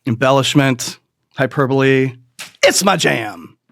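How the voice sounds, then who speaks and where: A middle-aged man telling a rambling, profane comic story with quick asides and put-on voices. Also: medium pitch, vocal fry, noisy background. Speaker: comedian. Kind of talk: stand-up storytelling.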